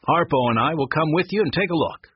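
A man's voice: on the high side, fast talker, husky, no echo, dull audio, voice pushed up. A man voicing an approving film director.

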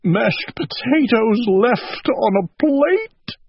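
Storybook owl: man doing a soft-hearted, muddled little owl, high and breathy. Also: huge pitch swings, slow, no room sound, full character voice. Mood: weepy. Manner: earnest and simple-minded. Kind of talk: storybook read-aloud. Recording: dull lo-fi recording.

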